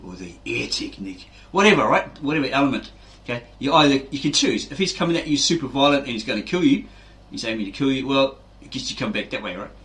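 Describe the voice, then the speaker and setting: Speaking fast in a mid-range voice with lively intonation and a fairly bright tone, he barely pauses. He's a fitness channel host rambling casually, tossing in "right?" again and again and performing the quotes he mentions.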